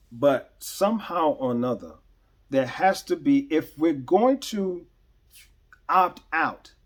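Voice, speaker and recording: A man hosting a podcast, talking to listeners in an earnest, emphatic, preacherly way, stressing key words and restarting phrases. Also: mid-range voice. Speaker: podcast host. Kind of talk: unscripted commentary monologue.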